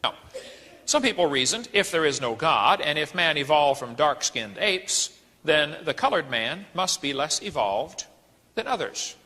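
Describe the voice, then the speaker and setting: A man's voice: fairly high pitch, very animated, measured pace, bright, forceful tone. A man giving an emphatic, preacherly lecture full of rhetorical questions, recorded in an echoey hall. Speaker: speaker.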